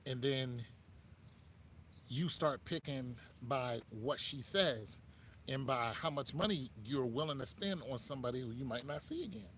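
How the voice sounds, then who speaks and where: A man's voice: medium pitch, animated, a little slow, fairly bright tone, slight background noise. A man with an American accent giving dating advice in a laid-back, joking monologue, talking straight to the listener. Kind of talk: casual monologue.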